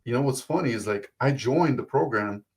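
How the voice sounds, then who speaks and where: Man, Eastern European accent, thirties, rambling guest, mid-pitched. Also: expressive, fairly quick, creaky, a little mellow. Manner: rambling, self-deprecating, restarts a lot. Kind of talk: casual interview chat.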